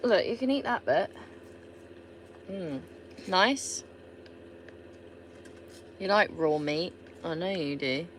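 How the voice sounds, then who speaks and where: A woman's voice: fairly low pitch, lively intonation, slow pace, pauses often, a little hiss or hum. A woman from England with a Somerset accent, chatting casually and swearing freely on a live stream while she answers viewer comments. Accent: Somerset English. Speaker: livestreamer.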